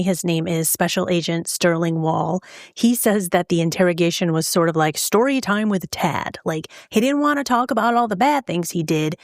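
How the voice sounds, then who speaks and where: A woman's voice: medium pitch, no room sound, clean studio sound. A woman hosting a podcast, telling a true-crime story in a casual, blunt way with salty, scornful asides. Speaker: podcast host.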